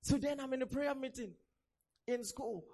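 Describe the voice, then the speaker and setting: A young man with a very high voice preaches at a normal pace, animatedly telling stories and acting out the voices of the people in them.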